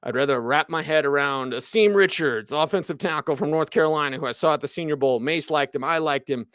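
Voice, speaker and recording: A man hosting sports radio, ranting in an animated, emphatic way about football. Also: a little high, brisk, clean tone, no echo, studio quality.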